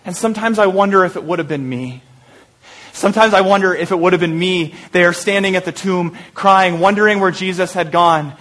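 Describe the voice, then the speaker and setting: A male pastor with a rather high voice delivers an Easter sermon as a vivid story. He draws listeners into the scene, sometimes sinks to a hushed, intimate tone, and slips in lighthearted asides. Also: fairly quick.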